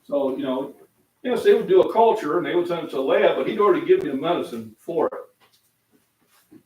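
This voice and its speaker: Chatting casually with his live-stream viewers while he cooks at home, this older fitness channel host rambles in a folksy, direct way. He speaks at a normal speed in an animated, somewhat high voice with a darkish tone. The audio feels roomy, with his voice off-mic.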